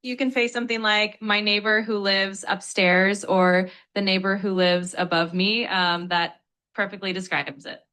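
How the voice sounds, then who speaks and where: A woman's voice: mid-range voice, steady tone, moderate pace, pushed and bright. A woman's voice acting as an English tutor, explaining word meanings in a polite, upbeat, patient way.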